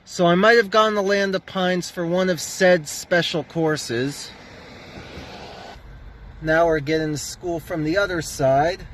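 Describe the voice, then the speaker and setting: A man's voice: fairly even intonation, slow pace, a bit bright, a little hiss or hum. A man with a New Jersey accent narrating a casual, rambling driving vlog. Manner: rambling, talks to a cat in a high coo. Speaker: vlogger.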